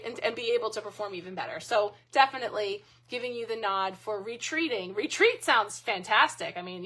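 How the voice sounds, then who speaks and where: A woman's voice: mid-range voice, pushed and bright. A woman hosting a live card reading, talking in a casual, chatty way and laughing at herself in frequent asides. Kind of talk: casual live-stream chat.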